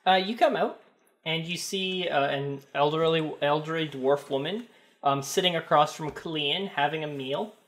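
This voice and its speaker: A man narrating a tabletop role-playing game as game master, describing scenes in a halting way with many fillers. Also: on the high side, fairly bright tone.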